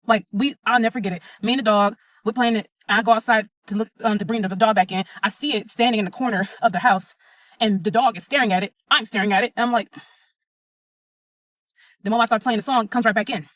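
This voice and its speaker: A woman's voice: fairly high pitch, steady tone, quick pace, a bit bright, no room sound. A young adult woman telling her own story in a blunt, emphatic, profane way. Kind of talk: casual first-person storytelling.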